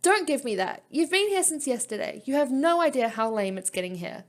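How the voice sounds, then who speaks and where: A woman's voice: high voice, sing-song, fairly quick. Sulky teenage boy companion, touchy and indignant, read plainly by a woman in her own voice. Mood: annoyed. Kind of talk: reading game dialogue aloud.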